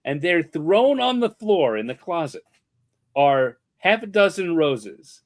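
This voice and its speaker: Man, guest storyteller; animated delivery, voices the quotes, sits a bit high. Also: takes it slowly. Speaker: guest artist and podcaster. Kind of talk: anecdotal storytelling in conversation.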